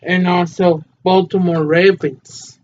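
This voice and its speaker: Young male podcast co-host, slightly high voice, easygoing and rambling, lo-fi sound. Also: flat delivery, slow pace. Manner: rambling, easygoing, hesitant fillers. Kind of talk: casual podcast chat. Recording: dull lo-fi mic with faint noise.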